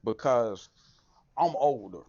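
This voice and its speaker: A man in casual chat, animated, who keeps saying "right, right" and "you know what I'm saying.". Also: medium pitch, slow. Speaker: podcast host. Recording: dull lo-fi audio.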